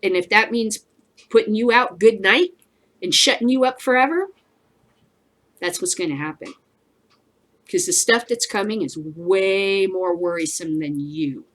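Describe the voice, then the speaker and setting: A woman's voice: mid-range voice, unhurried, pauses often, a bit bright. A woman hosting a casual commentary show, ranting bluntly with lots of swearing and frequent laughter. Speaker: host.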